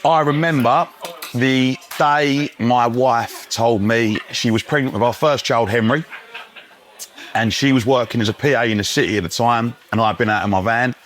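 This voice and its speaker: A man's voice: mid-range voice, moderate pace. A man, chatting cheekily as a guest over dinner in a pub. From England. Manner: cheeky, loud banter with laughs. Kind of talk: casual chat. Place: pub dining room.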